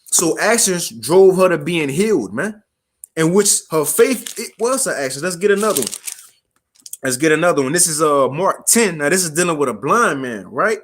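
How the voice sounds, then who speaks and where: A man preaching a casual street sermon, reading scripture slowly and formally, then explaining it in slang and checking in with his listeners. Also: on the high side, big pitch swings.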